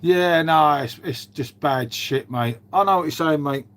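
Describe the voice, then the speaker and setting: A middle-aged man talks casually on a livestream, answering chat in a laid-back, rambling way. He swears freely and leans on mate and innit. His voice sits a touch higher than most men's. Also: measured pace, a bit bright. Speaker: livestream host reading chat.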